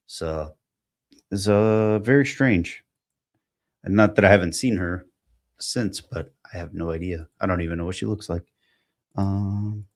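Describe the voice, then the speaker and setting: Low-voiced man rambling through a solo podcast. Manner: rambling, halting, many fillers while thinking aloud. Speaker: podcast host. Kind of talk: solo podcast, reading posts aloud.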